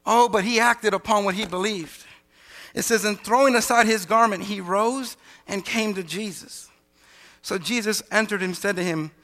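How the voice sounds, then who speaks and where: A man's voice: sits high, moderate pace, bright, forceful tone, big-room sound. A man preaching a sermon as pastor, emphatic, calling out questions to the congregation.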